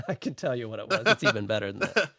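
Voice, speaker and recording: A man with a medium-pitched voice works through a list of notes in a relaxed, methodical podcast chat. The sound is close and dry, with no room around it. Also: quick pace, no echo. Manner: methodical, talks through his notes point by point. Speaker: podcast co-host and song producer. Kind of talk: casual podcast discussion.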